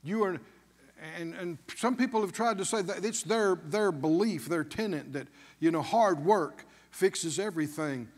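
A man's voice: high voice, moderate pace, in a large hall. A man preaching a sermon as pastor, emphatic, with call-and-response questions to the congregation.

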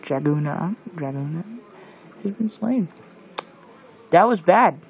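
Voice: mid-range voice, animated, slow pace, muffled recording. A gamer giving casual let's-play commentary, jumpy and shrieking at monsters while muttering asides in between. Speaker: gameplay commentator.

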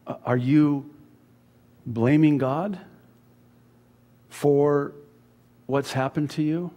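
A man preaching a sermon as pastor, dropping to hushed words and rising to loud emphasis. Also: on the high side, slow, pauses often, in a large hall. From USA. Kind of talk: expository sermon. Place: church sanctuary.

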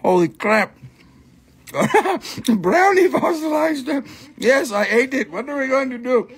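A man's voice: very high-pitched, lively intonation, slow pace, a bit bright, slightly rough. A man hosting a live sale, joking around, chanting and laughing a lot. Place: indoor shop.

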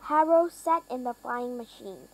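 A woman reading a children's storybook aloud, slowly and carefully, with small slips that she corrects. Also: noisy background. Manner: lifts pitch and volume for characters' lines. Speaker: reader.

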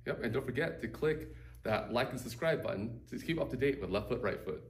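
Roomy, distant man with an animated voice. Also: mid-range voice, brisk. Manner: rambling, loose, many "like" and "you know" fillers. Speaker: podcast co-host. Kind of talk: casual chat. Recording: roomy echo, distant from mic, faint background hum.

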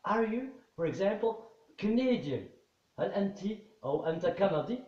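A man's voice: high voice, big pitch swings, quick pace, warm tone. A man teaching an English lesson, repeating phrases patiently and switching to Arabic to translate. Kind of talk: bilingual classroom lesson. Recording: roomy, slightly dull recording.

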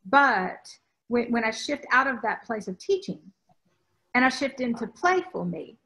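Heard on a low-quality recording, this woman speaks at a measured pace in a fairly high, very animated voice with a sharp tone. A spiritual teacher from the American South, she talks spirituality in conversation emphatically and ramblingly, often restarting sentences.

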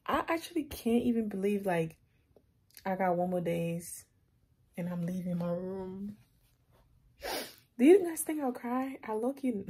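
A young woman in her late teens vlogging at home in casual, chatty, upbeat talk full of slang, now and then dropping into soft whispery asides. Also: mid-range voice, breathy edge, rough recording. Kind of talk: casual vlog chat to camera.

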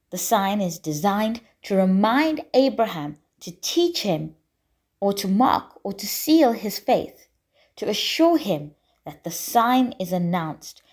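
A woman preaching a sermon in a church, deliberate and emphatic, repeating key phrases for weight. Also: mid-range voice, darkish tone.

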